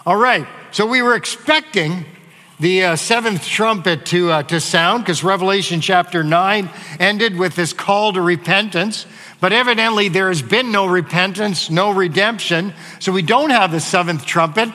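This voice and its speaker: A man's voice: high-pitched, normal speed, bright, forceful tone, long reverb tail. A man preaching a sermon as pastor, reading scripture aloud and then explaining it in a conversational teaching manner. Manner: conversational teaching with fillers and asides.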